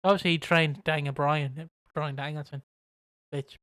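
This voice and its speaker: A man co-hosts a wrestling podcast in a rambling, casual way, swearing as he goes. His voice is smooth and resonant. It sits close in a dry, dead space. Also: a little high, steady tone, moderate pace, a bit bright, no echo. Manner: rambling, profane, frequent voice impressions. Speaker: podcast co-host. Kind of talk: casual chat.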